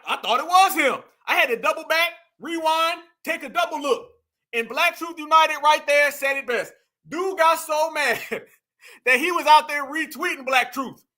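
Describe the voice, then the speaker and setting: A man's voice: very high-pitched, bright, forceful tone. A man hosting a casual reaction commentary, mocking and laughing as he talks to viewers he calls family. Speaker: commentary show host.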